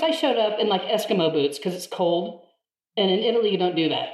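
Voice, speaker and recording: A woman telling a story in a casual chat, animated and quick to laugh, now and then acting out the people she quotes. Her voice sits in the middle of the range. The room adds a noticeable echo. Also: medium pitch. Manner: animated, laughs often, mimics others in quotes. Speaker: guest. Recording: roomy echo.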